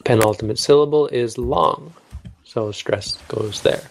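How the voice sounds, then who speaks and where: A man teaches a language lesson informally, joking and stopping to correct himself as he goes. His lowish voice is creaky and moves at a moderate pace.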